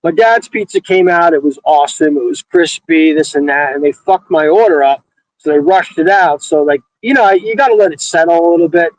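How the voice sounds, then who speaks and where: A man's voice: a little high, dry recording, poor audio. A man co-hosting a casual talk show, swearing and stumbling over his words as he tells a story. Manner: profane, halting, repeats his words. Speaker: podcast co-host. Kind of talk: casual banter.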